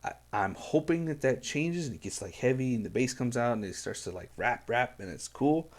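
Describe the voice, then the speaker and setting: A man reacts to music on video, speaking at a normal pace in an animated, medium-pitched voice. He comes across as earnest, wandering through his thoughts with plenty of fillers and false starts.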